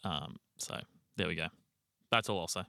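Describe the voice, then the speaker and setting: A man's voice: low-pitched, normal speed, creaky, bright, forceful tone, no room sound, studio quality. A young man, co-hosting a casual sports podcast and rambling through team news with casual swearing. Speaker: podcast co-host.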